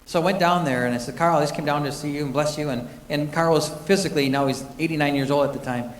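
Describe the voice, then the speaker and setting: A man's voice: on the high side, quick pace. A man sharing a personal faith testimony, telling it earnestly with frequent restarts. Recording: echoey hall from a distance.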